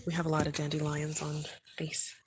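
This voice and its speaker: A woman's voice: sits low, monotone, a little fast. A young woman chatting casually to viewers in a home vlog while she does chores. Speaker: vlogger. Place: home and yard on a military base. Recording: loud background noise.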